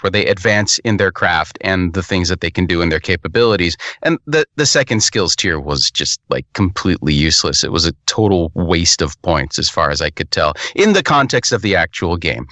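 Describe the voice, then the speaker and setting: Man, podcast co-host, casual game review, rambling and profane, bright tone, dry close mic. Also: on the low side, no echo. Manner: rambling, profane, restarts often.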